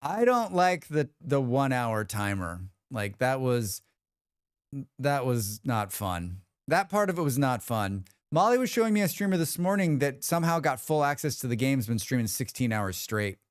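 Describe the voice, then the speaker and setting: With a mid-range, clear and resonant voice at a moderate pace, a man runs a livestream full of casual chat and stories. He animatedly imitates what people said and doesn't hold back on profanity, recorded cleanly in a studio without echo.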